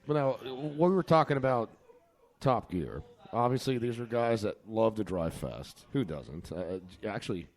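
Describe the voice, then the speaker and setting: A man's voice: on the low side, lively intonation, normal speed. A man hosting a casual podcast, joking and telling stories, laughing often. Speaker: podcast host. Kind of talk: casual chat.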